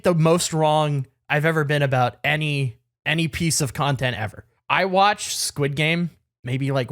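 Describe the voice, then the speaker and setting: A podcast co-host rambles through stories, cheerfully poking fun at himself. His voice sits a little high for a man, in loose, casual conversation. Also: a bit bright. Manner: rambling, self-deprecating storytelling. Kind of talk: casual chat.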